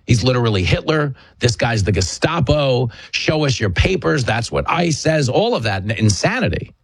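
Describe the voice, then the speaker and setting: A male talk show host delivering a forceful, emphatic monologue. His voice is husky at a medium pitch. The recording is dry and close with no room sound. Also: big pitch swings, moderate pace, no room sound. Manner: combative, emphatic storyteller. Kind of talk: political commentary monologue.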